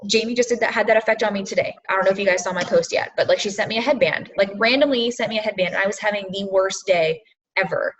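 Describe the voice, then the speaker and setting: A woman's voice: mid-range voice, fast, far from the mic, crowd noise. A woman coaching her team on a video call in casual motivational talk, earnest and full of fillers, repeating her points for emphasis. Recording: dull lo-fi video call audio.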